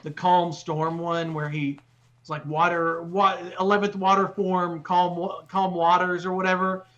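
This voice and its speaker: A man's voice: high voice, level tone, measured pace, fairly bright tone, dull audio. A young man co-hosting a casual podcast chat, enthusiastic and rambling, calling people "bro" a lot. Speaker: podcast co-host.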